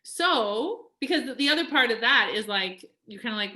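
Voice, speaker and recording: A woman's voice: fairly high pitch, expressive, normal speed, pushed and bright. A woman life coach talking casually to a live coaching group. She is chatty, says "like" often and acts out quoted voices.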